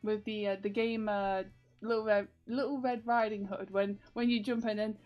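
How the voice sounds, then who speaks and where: A woman's voice: medium pitch, level tone, normal speed, highs cut off, soft background music. Rambling, giggly young woman vlogger. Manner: rambling, lots of fillers, giggly. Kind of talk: casual chat to viewers.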